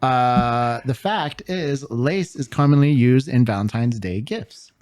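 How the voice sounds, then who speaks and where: A young man co-hosting a casual podcast, laid-back and quick to laugh, swearing freely. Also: medium pitch, a little mellow, clean tone, no room sound, clean studio sound. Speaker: podcast co-host. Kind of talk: casual chat.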